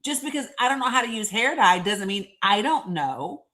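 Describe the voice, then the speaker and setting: A woman hosting a casual live stream, chatting, reading viewer comments aloud and often laughing and clearing her throat. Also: medium pitch, lively intonation, moderate pace, pushed and bright. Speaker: livestream host.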